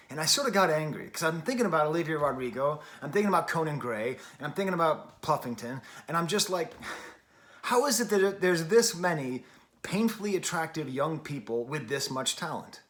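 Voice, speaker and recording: A man's voice: on the high side, a bit bright. A middle-aged man hosting a music review show, talking in a chatty, rambling way with wry asides. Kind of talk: casual spoken review.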